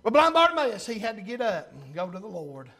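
A man with a drawl preaches in a remarkably high voice. He delivers his sermon fervently, filling pauses with drawn-out 'uh' sounds, swelling to loud bursts and then sinking low. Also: big pitch swings. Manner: fervent, pausing with 'uh' and surging louder then dropping low. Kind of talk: revival-style sermon.

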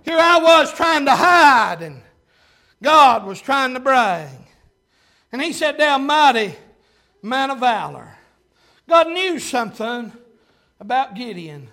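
A man preaching a sermon, fervent and halting with many fillers, breaking into shouts. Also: very high-pitched, very animated. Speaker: pastor.

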